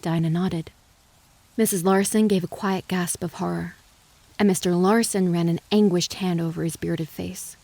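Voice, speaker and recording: A woman giving measured, dramatic audiobook narration of a western novel. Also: on the low side, fairly even intonation, vocal fry, dark tone, no room sound. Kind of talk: scripted narration.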